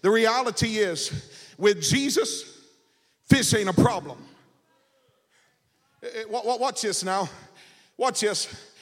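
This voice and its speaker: A male pastor preaching a sermon, shouting in a sing-song cadence and stammering repeated words. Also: high voice, slow pace, pauses often. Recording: reverberant church hall.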